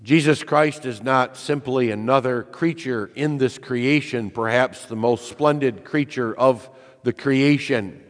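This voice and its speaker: A man's voice: medium pitch, a little slow. A man preaching a sermon in an earnest, emphatic way, putting rhetorical questions to his listeners. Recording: reverberant hall.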